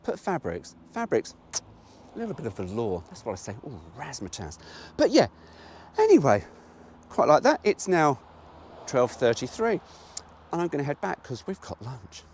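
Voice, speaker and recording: A man's voice: on the high side, huge pitch swings, moderate pace, pauses often, a little mellow, a little hiss or hum. A British man talking his way through a car review while driving, frank and rambling, swearing freely. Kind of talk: casual driving vlog. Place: inside a moving car. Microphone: GoPro camera.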